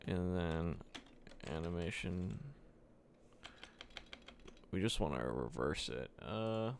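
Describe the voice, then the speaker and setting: Slow, gravelly man coding on stream. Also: sits low, big pitch swings, slight background noise. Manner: thinks aloud while typing, slow with fillers, mutters to himself. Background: keyboard typing and clicks.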